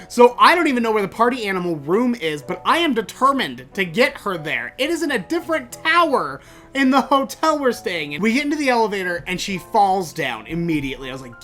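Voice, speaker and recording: A podcast host telling comic stories in an animated, jokey way. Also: male voice, a little fast, soft background music. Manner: animated, jokey, rises in pitch when excited. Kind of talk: comic storytelling.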